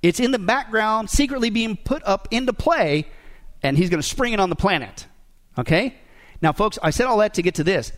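Emphatic high-voiced male preacher. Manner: emphatic, rhetorical questions to the congregation, joking asides. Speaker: pastor. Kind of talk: sermon.

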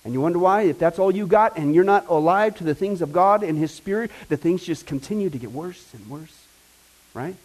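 A man preaching a sermon in a lively, conversational way, often checking in with his listeners and breaking into excited exclamations. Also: high-pitched, fairly quick, rough recording. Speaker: pastor.

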